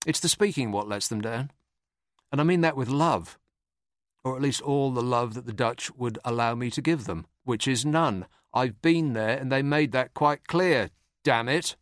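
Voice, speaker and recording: A man's voice: medium pitch, moderate pace, dry recording. A man hosting a podcast, delivering a dry, sardonic scripted comic monologue. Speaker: podcast host.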